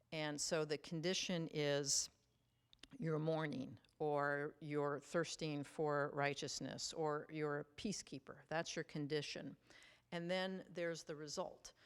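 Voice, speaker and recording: A woman's voice: low-pitched, clean tone. A woman teaching a Bible study in a casual, conversational way, with frequent fillers and restarts.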